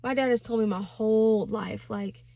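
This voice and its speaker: A young woman in her twenties tells a personal story in a relaxed vlog style. Her voice sits a little high, and she is chatty and full of slang and fillers. The sound is close and dry, with no room echo. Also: moderate pace, gravelly. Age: 20s. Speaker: vlogger. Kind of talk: casual storytime.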